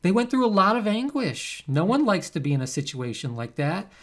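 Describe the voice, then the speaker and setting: A man, a psychology professor, giving a recorded lecture in a conversational, animated way. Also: high-pitched, fairly quick. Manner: conversational, animated, acts out quoted subjects.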